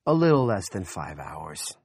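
A man's voice: sits low, sing-song, a little slow, breathy edge, no echo, studio quality, full character voice. A man voicing an impatient young male cop who lectures with exasperated profanity in an audiobook.

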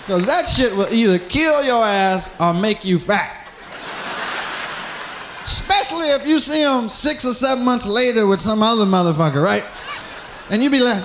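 A married man performing a profane, animated stand-up routine, acting out the voices of men in bars. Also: high voice, moderate pace, long pauses, a faint crowd, a little hiss or hum. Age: adult, married. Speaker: stand-up comedian.

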